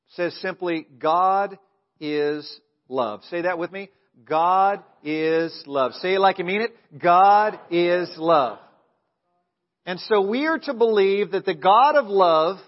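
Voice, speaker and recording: A man preaching a sermon as pastor, emphatic, calling the congregation to answer back and dropping into quiet asides. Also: fairly high pitch, muffled recording. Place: church sanctuary.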